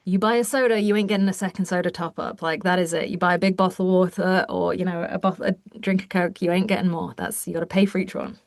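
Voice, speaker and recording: A woman's voice: on the low side, fairly even intonation, fast talker, few pauses, no room sound. Chatty English woman, dry close sound. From England. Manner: chatty, emphatic, swears casually. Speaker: podcast guest. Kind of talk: casual chat.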